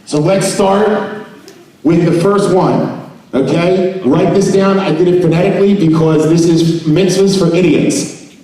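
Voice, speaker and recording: A man hosts a comedic mock seminar for a live crowd, joking and coaxing the audience into call-and-response. His voice sits a little high. It rings through a large, very echoey expo hall, picked up from far off the mic. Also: steady tone, measured pace, mellow. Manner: joking, playful, calls on the audience to repeat words. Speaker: presenter at a trade expo.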